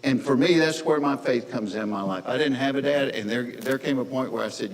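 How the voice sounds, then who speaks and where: A man's voice: mid-range voice, a little fast. A man on stage spinning a folksy, earnest story for a live crowd. His voice rings with the long reverb of a large hall. A faint hum of noise sits under it. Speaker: stand-up comedian. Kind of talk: stand-up storytelling to a live audience.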